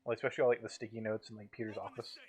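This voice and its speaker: A man's voice: fairly low pitch, flat delivery, rapid-fire. A young man chatting casually during a video game session, laid-back and easy to laugh. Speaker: let's play co-host. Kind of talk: casual gaming banter.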